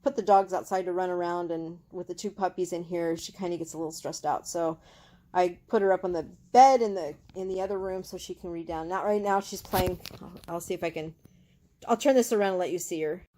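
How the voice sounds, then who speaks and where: A woman's voice: fairly low pitch, a little fast, warm tone, a little hiss or hum. An older retired woman chatting in a rambling way in a casual home vlog, filmed on a handheld phone in her living room. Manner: chatty, rambling, with many fillers and restarts. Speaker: home crafter and small-business owner. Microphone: handheld phone camera.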